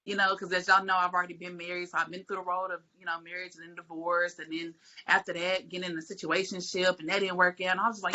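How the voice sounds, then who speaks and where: On a faith podcast, a female panelist holds forth in an emphatic, preachy manner, repeating phrases for stress during a casual conversation. Her voice is on the low side, level, fast, bright and forceful. The audio is muffled and lo-fi.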